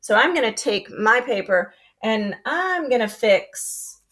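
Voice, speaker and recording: In this recorded lesson for small children, a woman teacher speaks at a slow, clear pace and dramatizes each example sentence with lots of feeling. Her pitch runs slightly high, and her delivery is expressive and a bit bright.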